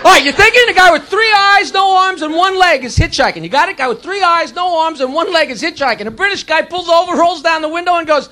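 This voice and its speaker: A man's voice: very high-pitched, fast talker, hardly any pauses. A man doing stand-up, firing off crude jokes and slipping into character voices. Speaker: stand-up comedian. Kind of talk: stand-up joke telling. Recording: live club with loud crowd and noise. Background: audience laughter.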